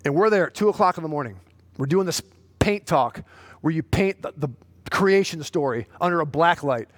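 A man preaching a sermon, with a high, bright-edged voice. He drops low to tell a story, then climbs loud and urgent to exhort his listeners. The sound is dry and close. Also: expressive, moderate pace, no room sound. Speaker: pastor.

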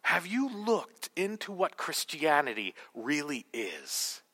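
A male pastor preaching a sermon to a congregation, swinging from loud, emphatic declarations to hushed whispers. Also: on the high side, sing-song, takes it slowly. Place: church hall with congregation.

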